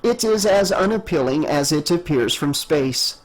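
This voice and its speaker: A courteous male android with a monotone yet soothing delivery, played by a man with a fairly high voice. He speaks formally and literally, offering help without any feeling. The storybook reading keeps him even and calm. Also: normal speed, rough recording. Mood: matter-of-fact.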